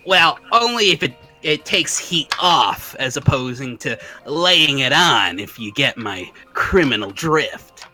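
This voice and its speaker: A man voicing a gruff male inventor and shady fixer who wheezes and coughs while he wheels and deals. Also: medium pitch, sing-song, takes it slowly, hardly any pauses, bright, forceful tone, soft background music, full character voice. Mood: scheming.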